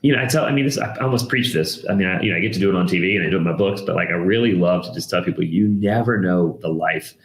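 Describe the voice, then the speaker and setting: Deep-voiced man telling stories. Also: rapid-fire, few pauses, echoey room. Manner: animated storyteller, acts out quoted voices. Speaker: guest, downsizing expert and TV host. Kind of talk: casual interview storytelling.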